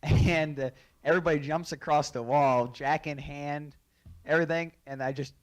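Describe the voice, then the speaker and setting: A man's voice: fairly high pitch, normal speed. Laughing man telling a racing story. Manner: animated, laughs through his story. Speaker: racing driver. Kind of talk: storytelling anecdote.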